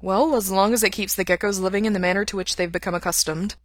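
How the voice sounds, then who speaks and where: A woman voicing a steady, earnest young man with an even manner. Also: medium pitch, fast, dry recording, clean studio sound, natural voice.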